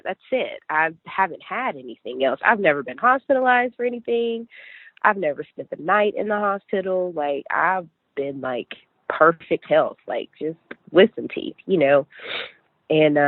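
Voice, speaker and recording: A woman's voice: sits low, no room sound. A young woman from West Virginia, a podcast guest, telling her personal story in a chatty way full of "like" and "you know". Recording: tinny phone-line audio.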